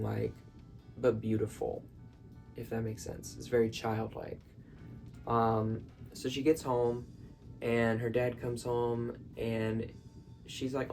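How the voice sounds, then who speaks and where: A vlogger sits in his bedroom at night, rambling his way through a film recap packed with "like" and "um." His voice is fairly low and creaky, with a darkish tone and a filler-heavy, meandering delivery.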